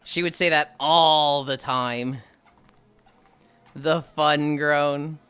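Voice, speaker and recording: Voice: medium pitch, fairly even intonation, drawn-out words, pushed and bright, clear, resonant tone, faint music behind. A livestreamer chatting casually with viewers, telling stories with frequent sighs and laughs. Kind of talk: casual live-stream chat.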